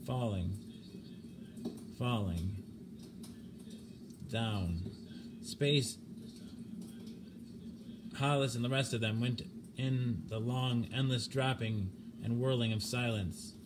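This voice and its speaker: A man reading a short story aloud in a measured, grave manner. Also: medium pitch, background noise. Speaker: narrator.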